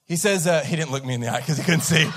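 A man in his thirties preaching a sermon, telling a story with lively acted-out voices and laughter. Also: a little high, normal speed, noisy background. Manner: animated storyteller, acts out voices, laughs along. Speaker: pastor. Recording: large hall with long reverb.

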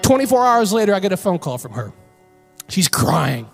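A woman preacher delivers a sermon from a church stage, her voice swinging widely up and down. She moves between conversational storytelling and emphatic exhortation, with soft instrumental music playing faintly behind her. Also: mid-range voice, very animated, moderate pace, gravelly. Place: church sanctuary.

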